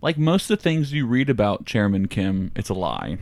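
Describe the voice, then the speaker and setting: Deadpan, profane comedy podcast host, male, lowish voice. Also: moderate pace. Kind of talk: casual comedy chat.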